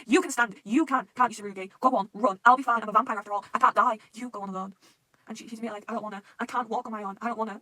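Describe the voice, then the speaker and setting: Young woman gushing about a manga, talks super fast, bright voice, swears a ton. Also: medium pitch. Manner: excitable, swears a lot, acts out quotes. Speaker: manga reaction host. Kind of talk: casual fan reaction monologue.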